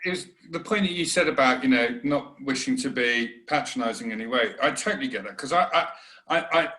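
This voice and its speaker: A middle-aged man gives an earnest, reflective interview, speaking haltingly and often restarting his sentences, sometimes mimicking voices. His mid-range voice is pushed and bright, recorded with a roomy echo.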